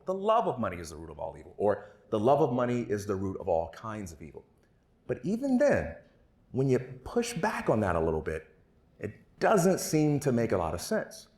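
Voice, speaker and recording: A man telling a story and speaking at a conference on a stage mic in a hall. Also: fairly low pitch. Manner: storytelling, animated. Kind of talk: storytelling keynote talk. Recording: roomy hall echo.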